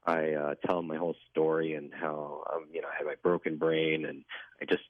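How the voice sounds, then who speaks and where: A man's voice: a bass voice, little pitch movement, brisk, no echo. A man telling his personal story as a guest in a radio interview, in an earnest, reflective way. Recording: dry tinny phone line.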